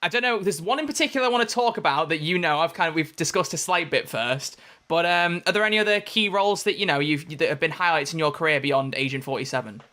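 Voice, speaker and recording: A man's voice: on the high side, fast talker, bright, forceful tone. A man hosting a casual interview, chatty and enthusiastic. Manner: chatty and enthusiastic, British exclamations. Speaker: interview host.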